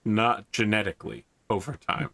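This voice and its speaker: A man running a tabletop game and describing the scene in a measured way. His voice is bright and forward. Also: fairly low pitch, animated, gravelly, husky, dry recording. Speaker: game master.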